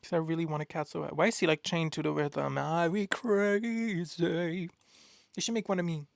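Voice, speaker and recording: Young male vlogger, gravelly and a touch high, gushes and rambles. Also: racing, dry recording, studio quality. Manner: excitable, gushing, rambling with many fillers. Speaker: art vlogger. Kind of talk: casual chat.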